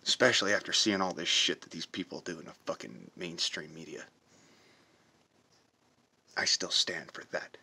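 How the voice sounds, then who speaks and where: A man in a profane, confrontational patriotic rant for a reaction video, hammering his points with slow drawn-out stresses. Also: low voice, fairly even intonation, vocal fry, bright, forceful tone, breathy edge. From United States. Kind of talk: heated patriotic rant to camera.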